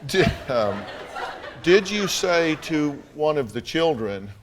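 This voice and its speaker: A man's voice: fairly high pitch, big pitch swings, takes it slowly, a crowd in the background, noisy background. A man with a Southern American accent hosting a daytime talk show, pressing a guest with blunt, pointed questions and dry humor. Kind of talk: confrontational interview questioning. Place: TV studio stage with audience.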